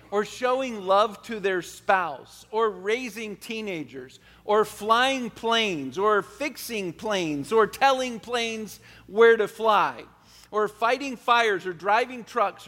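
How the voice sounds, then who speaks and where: Man, pastor, sermon, earnest rhetorical questions, high voice, reverberant church hall. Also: fairly bright tone.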